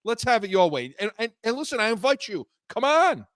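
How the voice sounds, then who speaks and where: A fired-up man co-hosts sports radio, stumbling over restarts and voicing other people's words. His voice runs high, and the close studio sound is dry. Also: sing-song, a little fast, fairly bright tone, no room sound. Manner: fired-up, stammering restarts, acts out quotes. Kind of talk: heated sports radio talk.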